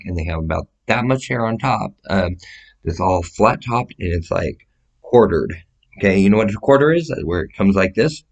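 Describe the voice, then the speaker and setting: A man talking straight to the camera in a rambling, profane monologue that wanders from topic to topic and swears freely. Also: deep voice. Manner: profane, meandering, gestures while describing sizes.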